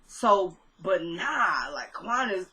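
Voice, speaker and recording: A woman giving a casual, chatty recap of a TV episode, slangy and quick to slip into quoting the characters' lines. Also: on the low side, very animated, sharp tone, poor audio. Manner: chatty, slangy retelling that jumps into quoted dialogue.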